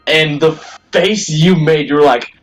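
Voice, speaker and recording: A man's voice: on the high side, unhurried, poor audio. A young man co-hosting a casual gaming video, rambling through a school story with many fillers. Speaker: co-host.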